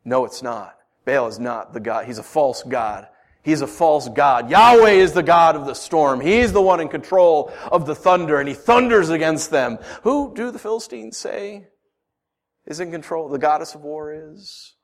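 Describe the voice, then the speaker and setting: A man preaching a sermon, swinging from hushed lines to emphatic ones and asking rhetorical questions. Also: fairly high pitch, expressive, normal speed. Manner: rhetorical questions, storytelling asides. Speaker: pastor.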